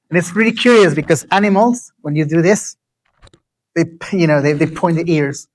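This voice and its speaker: A man giving an interactive lecture, asking the audience questions and repeating key phrases slowly. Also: a little high, poor audio.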